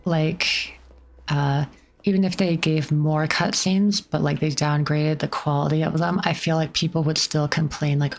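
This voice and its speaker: A woman's voice: low voice, fairly even intonation, unhurried, creaky. A woman streamer giving casual game commentary in a chatty, rambling manner full of likes and restarts.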